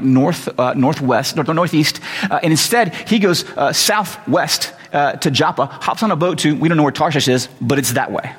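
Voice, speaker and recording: A pastor with a husky voice delivers a loose, conversational sermon full of joking asides. His voice sits a bit high for a man, and a long reverb hangs off every phrase in the hall.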